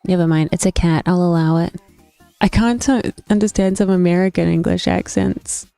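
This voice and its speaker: A woman's voice: on the low side, normal speed, gravelly, dark tone, no room sound. A young woman streamer chatting casually with her viewers, opinionated and thinking aloud with frequent restarts. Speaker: gaming streamer. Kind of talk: casual chat reacting to stream chat. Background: faint stream background music.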